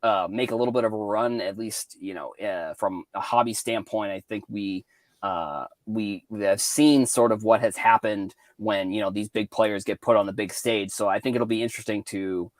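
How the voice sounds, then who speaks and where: A man from Cape Cod chatting casually as a guest on a call-in show, halting with many restarts and likes. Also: fairly low pitch, fairly even intonation, no room sound. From Cape Cod, Massachusetts.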